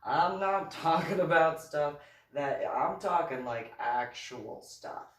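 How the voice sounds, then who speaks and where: A woman's voice: deep voice, lively intonation, slow pace. A middle-aged woman telling a rambling personal story in a wry, sarcastic way, chuckling often and restarting her sentences. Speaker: author and reverend. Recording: roomy, voice from a distance.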